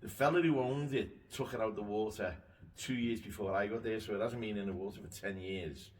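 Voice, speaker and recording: A man's voice: fairly low pitch, a little fast. A man chatting casually and telling stories about his boat, swearing now and then. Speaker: boat owner and show regular. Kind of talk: casual chat. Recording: distant mic with faint noise.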